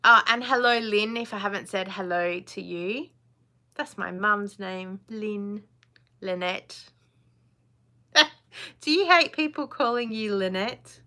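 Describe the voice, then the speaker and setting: A woman's voice: mid-range voice, slow pace, long pauses, sharp tone. A woman, hosting a casual live chat, chatty and blunt, laughing often. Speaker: live stream host.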